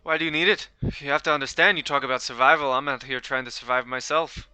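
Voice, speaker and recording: Man putting on a sly outlaw gang boss, wobbly British-Irish accent, smug and teasing, bright crisp tone, dry sound. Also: mid-range voice, fairly even intonation, quick pace, no room sound, rough recording. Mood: smug bargaining. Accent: put-on British or Irish.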